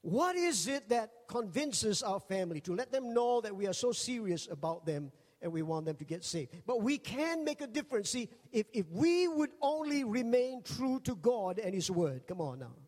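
A high-pitched man preaching from the pulpit, telling funny stories with lively energy. His voice rings out with a long hall reverb around it. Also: moderate pace, hardly any pauses. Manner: jokey, animated, acts out quoted voices. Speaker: pastor. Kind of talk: humorous storytelling sermon.

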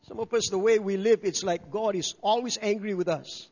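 A man's voice: high voice, a little fast, few pauses. An older man preaching a sermon, emphatic, repeating key words and calling for amens. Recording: reverberant dull hall sound.

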